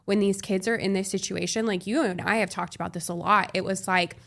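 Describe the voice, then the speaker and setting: A woman who is a guest on a friend's podcast, telling a story in a lively way and acting out scenes. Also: mid-range voice, brisk, vocal fry. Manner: animated storyteller, acts out scenes. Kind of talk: casual storytelling conversation.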